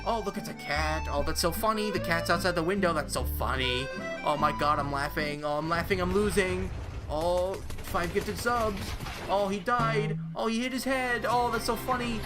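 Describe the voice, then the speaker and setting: A man's voice: high voice, normal speed, loud music behind the voice, natural voice. A man voicing an overexcited, fake-amazed reaction streamer who gushes in breathless, childlike exclamations. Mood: giddy.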